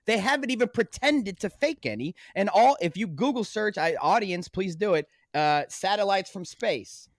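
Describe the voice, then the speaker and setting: A man talking as a podcast guest, telling stories in an animated, emphatic and insistent way. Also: high-pitched, normal speed, few pauses, no echo, clean studio sound. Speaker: podcast guest, documentary filmmaker. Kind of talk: casual podcast conversation.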